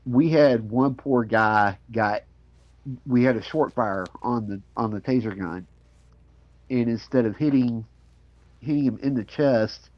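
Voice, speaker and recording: A man's voice: medium pitch, measured pace, no echo. Man laughing through a lo-fi call. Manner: laughs often, tells stories with repeated restarts. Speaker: podcast host. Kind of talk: casual chat.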